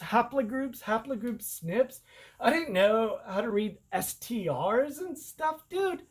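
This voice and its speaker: Excitable rambling man, slangy and indignant. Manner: excitable and rambling, pitch jumping up when indignant, slangy with "dude" and "bro". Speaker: self-published author and vlogger. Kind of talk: casual rambling monologue to camera.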